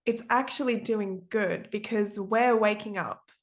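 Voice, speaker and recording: A woman's voice: mid-range voice, measured pace. Earnest upbeat woman podcast host. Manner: earnest, upbeat, uses fillers. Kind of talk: casual podcast interview.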